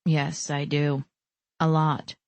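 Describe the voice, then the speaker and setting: A woman voicing a teasing adult man in an audiobook, dropping her voice lower for him. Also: flat delivery, takes it slowly, a little mellow, no room sound. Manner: teasing, playful.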